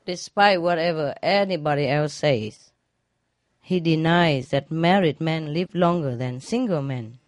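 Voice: mid-range voice, measured pace, no room sound. A joke teller who laughs at their own jokes and uses non-standard grammar. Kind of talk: telling a string of jokes.

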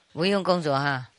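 A woman's voice: low-pitched, fairly bright tone, slight background noise. A woman teacher giving an informal talk to a retreat audience, teasing them playfully with frequent laughter and switching between English and Chinese.

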